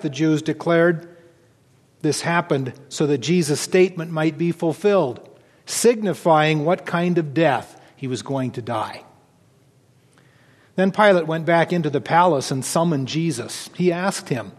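A male pastor reading scripture and moving into his sermon with a steady, earnest delivery. His voice sits a touch high for a man, with a long reverb from the church hall. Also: a little slow.

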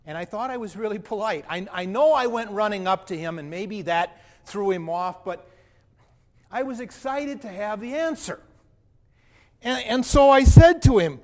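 A man acting out a proud, indignant wealthy young man in a dramatic first-person monologue, with animated, defensive delivery and a long hall reverb. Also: sits high, normal speed. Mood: earnest. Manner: animated, defensive, self-righteous.

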